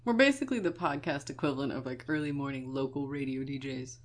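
Woman, young adult, low voice, podcast co-host, casual joking chat. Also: fast talker. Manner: joking, laughs often.

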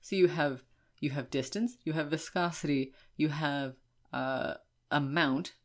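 Low-voiced woman in casual chat. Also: unhurried. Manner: deadpan, rambling, joking. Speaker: podcast co-host.

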